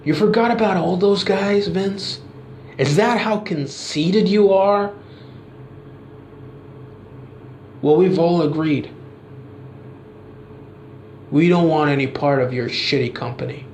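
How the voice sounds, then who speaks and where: A man acting out an indignant male wrestler, voice raised high above his own, hammering his boss with one accusing rhetorical question after another. The promo plays out in an echoey room with faint noise behind it. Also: unhurried, pauses often, darkish tone.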